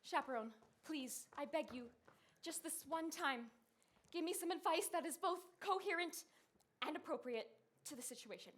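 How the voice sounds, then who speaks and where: A woman's voice: high voice, animated, moderate pace, fairly bright tone. A woman playing a showy young showgirl star. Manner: dramatic and showy. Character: glamorous young female showgirl star, theatrical. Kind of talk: stage musical acting.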